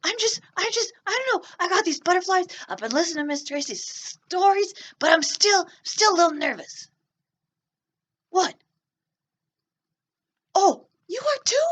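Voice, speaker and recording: A woman's voice: animated, normal speed, long pauses, fairly bright tone. A woman voicing a shy, nervous young boy who stammers and gushes, on a children's storytime show. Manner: stammering, gushing, wide pitch swings.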